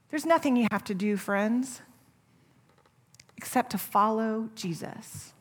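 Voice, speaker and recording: A middle-aged woman delivers a sermon to her church. Her voice sits slightly higher than most, and she speaks with an earnest, gentle warmth, often circling back to restart a phrase. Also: slow pace, long pauses, slightly rough. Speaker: preacher.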